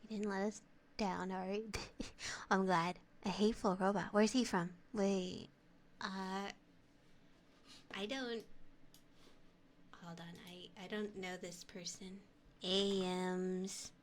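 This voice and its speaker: A woman's voice: mid-range voice, fairly even intonation, slow pace, long pauses. A woman ASMR streamer chatting casually with her viewers, giggling often and poking fun at herself. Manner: giggly, self-deprecating, laughs often.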